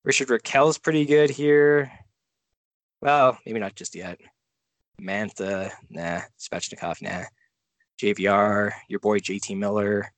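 A man co-hosting a casual fantasy sports podcast, talking in a relaxed way and thinking out loud as he trails off. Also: lowish voice, takes it slowly, dry recording. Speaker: podcast co-host. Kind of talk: casual fantasy draft chat.

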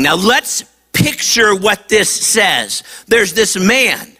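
A male pastor preaching a sermon to kids at a church campus, telling the story with animated delivery. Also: sits high, slow pace, hardly any pauses. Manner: animated storytelling, acts out quotes.

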